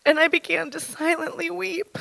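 A woman in her thirties giving an earnest, halting personal testimony at church, her voice shaken with emotion. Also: very high voice, fairly even intonation, creaky, fairly bright tone, no echo, low-quality recording. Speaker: church speaker sharing testimony.

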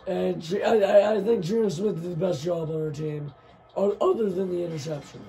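A young man with a hoarse, worn voice, casually commentating his football video game and shouting at big plays. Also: high-pitched, brisk, soft background music. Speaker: gaming channel host.

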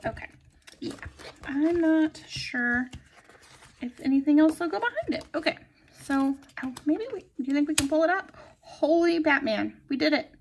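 Giggly high-voiced woman crafting. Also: lively intonation, normal speed, slight background noise. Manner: chatty and giggly, drifting into soft murmurs while crafting. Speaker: planner vlogger. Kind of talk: casual plan-with-me narration.

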